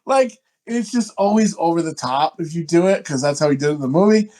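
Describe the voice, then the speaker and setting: A man's voice: on the high side, animated, brisk, dark tone. A middle-aged man co-hosting a podcast in rowdy, crude chat, swearing freely, laughing often and mimicking movie lines over the top. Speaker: podcast co-host.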